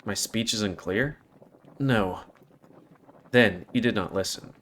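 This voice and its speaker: A man's voice: lowish voice, slow, fairly bright tone, a little hiss or hum. A man voicing a stern male animal-person tribesman who speaks in clipped, formal, blunt sentences.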